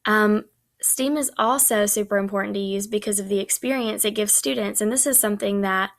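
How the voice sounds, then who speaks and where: A woman's voice: mid-range voice, a little fast. A young woman giving a recorded class presentation on teaching, in a chatty way with many ums.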